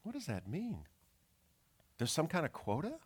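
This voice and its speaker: A man's voice: on the high side, wildly swooping pitch, unhurried, husky. A man preaching a sermon, reading scripture and acting out its pleading questions with strong expression. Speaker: pastor.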